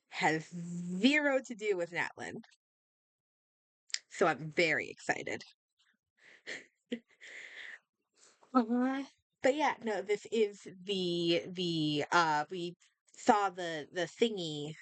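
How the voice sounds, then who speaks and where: A young woman hosting a casual reaction video, excitable and rambling, with lots of fillers and restarts, a little sick. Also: fairly low pitch, dry recording. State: slightly sick. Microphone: desk microphone.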